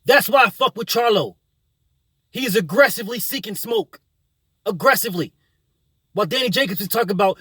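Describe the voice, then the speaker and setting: A man's voice: high voice, lively intonation, moderate pace, a bit bright, breathy edge, no room sound. A man hosting his own boxing channel, delivering a combative, profane opinion rant full of repetition.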